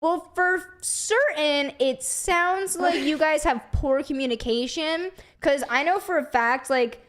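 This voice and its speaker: Seorang perempuan muda dengan suara tinggi memandu obrolan santai sebagai co-host. Gaya bicaranya blak-blakan dan terus terang, sesekali menyelipkan umpatan santai. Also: female voice, sits high, a little slow, a bit bright. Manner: blunt and frank, with casual swearing. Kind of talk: casual chat.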